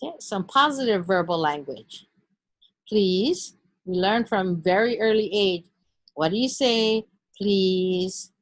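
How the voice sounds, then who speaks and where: A woman's voice: medium pitch, lively intonation, no room sound. Woman instructor giving a recorded lesson. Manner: clear, deliberate teaching delivery.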